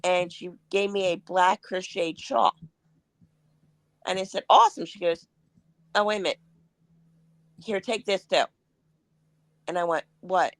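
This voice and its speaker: A woman's voice: lowish voice, unhurried, long pauses, no room sound. A woman guest in a casual interview, telling anecdotes and acting out what people said. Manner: animated anecdotes with acted-out quotes.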